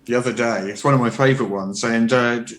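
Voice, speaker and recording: A man's voice: medium pitch, fairly even intonation, fast talker. An English man, a guest on a podcast, chatting casually and telling anecdotes with frequent laughs. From England. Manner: chatty storyteller, laughing often.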